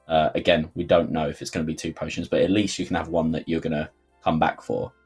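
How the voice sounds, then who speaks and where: A man's voice: extremely low pitch, little pitch movement, fast, darkish tone, slightly rough, soft background music. A man with a London accent hosting a livestream Q&A, chatty and rambling, full of fillers and sudden jokey outbursts. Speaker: game developer host. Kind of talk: livestream Q&A chat.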